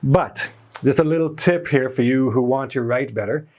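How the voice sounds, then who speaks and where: A man's voice: mid-range voice, normal speed, darkish tone. A man teaching an English grammar lesson, explaining patiently and stressing key words.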